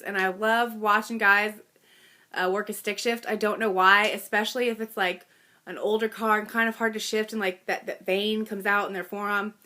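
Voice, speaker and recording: A woman in her thirties tells a personal story in a casual, chatty way. Her voice is bright and clear, and her tone is self-deprecating, with little laughs and fillers along the way. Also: mid-range voice.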